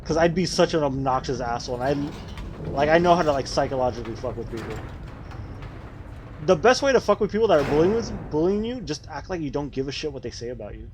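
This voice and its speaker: A man's voice: fairly high pitch, animated, quick pace, noisy background. A man streaming a game, chatting casually with his viewers in a rambling, profane way. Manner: profane, rambling, talks to chat while playing. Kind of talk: casual gaming livestream chat.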